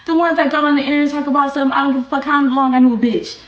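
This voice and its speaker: A woman's voice: high voice, steady tone, rapid-fire, fairly bright tone, muffled recording. A young woman streamer, ranting bluntly and defiantly, swearing and repeating herself. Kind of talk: livestream rant. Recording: echoey room with faint music.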